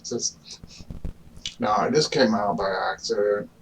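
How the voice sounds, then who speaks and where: A man's voice: fairly low pitch, unhurried, a little hiss or hum. Rambling man talking far from the mic. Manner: rambling, argumentative, with many fillers. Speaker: vlogger. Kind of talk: casual monologue.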